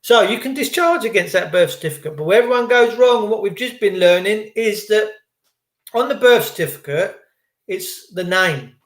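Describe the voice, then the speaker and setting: A man rambles to his live viewers in a jokey, conspiratorial tone, often drifting off topic. His voice sits rather high for a man. The sound rings around an echoey room at home. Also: lively intonation, fairly quick. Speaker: livestream vlogger. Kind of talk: rambling live-stream monologue.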